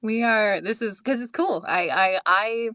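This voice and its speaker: A woman's voice: mid-range voice, a little slow, bright, forceful tone, no room sound, clean studio sound. A professional audiobook narrator and livestream host, a woman who chats in a bubbly, enthusiastic way and laughs easily.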